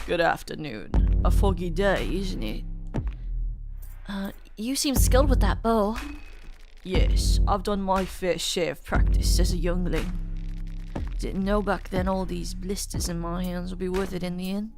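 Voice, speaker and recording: A woman's voice: on the low side, measured pace, gravelly, music in the background. A woman voicing a formal, wistful older male archer in a video game who speaks in an old-fashioned, courtly way.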